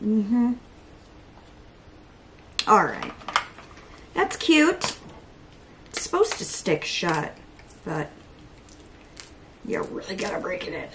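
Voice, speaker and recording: A woman's voice: medium pitch, sing-song, slow, pauses often, fairly bright tone, slight background noise, rough recording. A young woman chatting through a makeup tutorial, self-deprecating and talking to herself, now and then dropping to a whisper. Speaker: beauty vlogger. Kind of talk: casual makeup tutorial chat.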